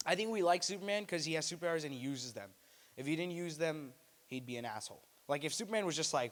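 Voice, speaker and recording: A young man works through an open mic stand-up set, deadpan between bits and then loud and shrill when he acts them out. His voice sits in a middle register. The live room gives him a long, hanging reverb. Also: a little fast. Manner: deadpan delivery with loud high-pitched put-on voices. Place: small student venue.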